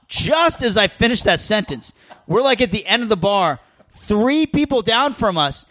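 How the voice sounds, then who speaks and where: A man's voice: sits high, sing-song, moderate pace, fairly bright tone. A man in casual podcast chat, telling stories animatedly, swearing freely and acting out the scenes.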